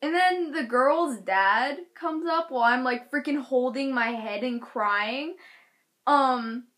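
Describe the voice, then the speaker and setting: A teenage girl telling a storytime vlog, animated, acting out quotes with loud shouted bursts. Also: sits high, slow. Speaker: vlogger.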